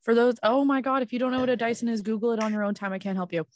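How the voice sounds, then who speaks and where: A woman's voice: fairly high pitch, racing, a little mellow. Chatty woman explaining for listeners. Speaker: podcast co-host. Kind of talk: casual chat. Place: basement room.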